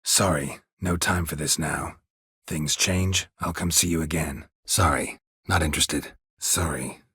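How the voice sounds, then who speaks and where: A weary monster hunter from a video game, his voice extremely deep and heavily husky. He speaks in short, clipped phrases with a flat, laconic calm. The recording is dry and close, with no room sound. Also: unhurried, no room sound, full character voice. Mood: curt. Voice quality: very husky, low gravelly voice. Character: gruff middle-aged male monster hunter, terse and weary. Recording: dry studio booth.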